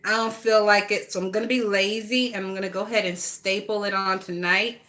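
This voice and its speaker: This is a woman vlogging, chatting and gossiping while she works with her hands. She talks bluntly and swears freely, in a bright, forward voice of middling pitch. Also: fairly even intonation, brisk. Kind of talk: casual chat while crafting.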